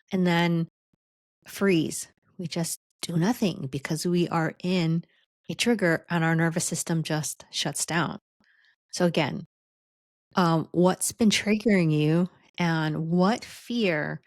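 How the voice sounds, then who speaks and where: A woman's voice: on the low side, no echo, clean studio sound. A woman hosting a solo podcast, teaching leadership in a conversational way, often checking in with "right?". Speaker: leadership coach and podcast host.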